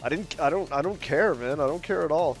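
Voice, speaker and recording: A young man chatting casually on a stream while drawing, rambling with lots of fillers and restarts, swearing freely and getting loud and animated when he rants. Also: fairly high pitch, brisk. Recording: faint music behind.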